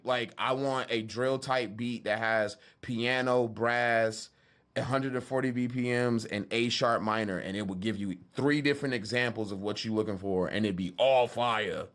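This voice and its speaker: A man's voice: mid-range voice, fairly bright tone. Laid-back man chatting to his stream. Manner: loose and joking, talks straight to his chat. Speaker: beatmaker streaming from his studio. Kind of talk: casual livestream chat.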